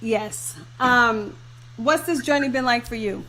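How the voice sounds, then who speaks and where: A woman in her thirties hosting a virtual launch party over a video call, effusive and quick to laugh and get emotional. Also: fairly high pitch, pushed and bright, a little hiss or hum. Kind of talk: casual live video chat.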